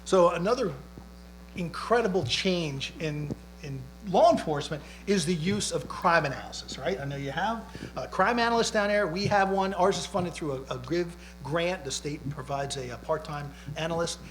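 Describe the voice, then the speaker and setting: A man's voice: on the high side, expressive, moderate pace, rough recording. Police chief guy at a library panel, chatty, says right? a lot, faint background hum. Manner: chatty, tags lines with "right?". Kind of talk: public panel talk, storytelling. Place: library community event.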